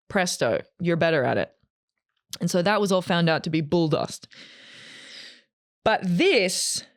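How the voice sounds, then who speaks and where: A woman's voice: lowish voice, dry recording. Chatty woman in her thirties, dry sound. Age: 30s. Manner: chatty and animated, acts out quotes. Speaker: vlogger. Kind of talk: casual personal storytelling.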